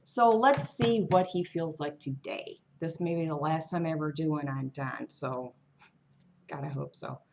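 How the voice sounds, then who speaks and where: This is a woman giving a casual tarot reading as a monologue for her channel. She speaks in an unhurried, low-set voice. Her delivery wanders, and she often muses aloud and drops offhand remarks. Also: gravelly, background noise. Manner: musing, wandering, offhand asides. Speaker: tarot reader.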